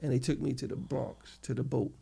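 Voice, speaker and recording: A middle-aged man with a New York accent, telling his story as an interview guest in an animated, casual way, acting out the people he quotes. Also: mid-range voice, fairly quick, gravelly, husky.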